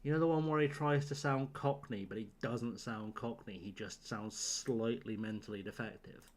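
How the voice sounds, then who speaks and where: A man streaming from home late at night, worn out but still joking with his chat. He rambles, laughs often and keeps the banter loose. His voice sits at an ordinary middle pitch. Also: moderate pace. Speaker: live-streaming gamer. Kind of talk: casual live-stream chat.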